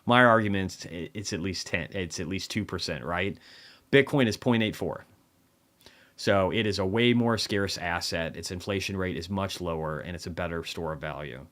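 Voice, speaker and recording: Man, low voice, tired, casual livestream, swears a lot, rambling. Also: moderate pace, fairly bright tone. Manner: profane, rambling, offhand. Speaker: market recap streamer.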